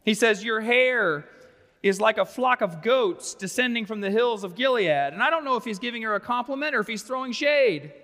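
High, bright-voiced man preaching in a sanctuary. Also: animated, normal speed. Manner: conversational preaching with wry asides. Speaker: pastor. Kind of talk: sermon. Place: church sanctuary. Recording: long reverb of a large sanctuary.

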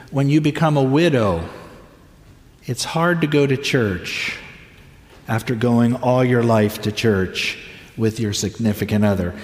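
An older male pastor delivers his sermon slowly and earnestly, leaning on long pauses and drawn-out words. His voice sits at an ordinary middle pitch. It rings through a large, reverberant sanctuary, picked up from some distance away. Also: darkish tone. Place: church sanctuary. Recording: echoey hall, voice from a distance.

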